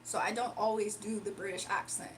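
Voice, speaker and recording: A woman's voice: medium pitch, steady tone, fairly quick, a little hiss or hum. A young woman livestreamer chatting casually and reading her chat aloud, sarcastic and playful, laughing often.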